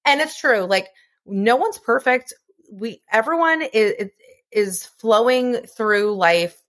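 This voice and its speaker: A woman's voice: a little high, animated, slow pace, fairly bright tone. Chatty earnest woman co-host. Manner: earnest and chatty, swears casually. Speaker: podcast co-host. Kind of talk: casual chat.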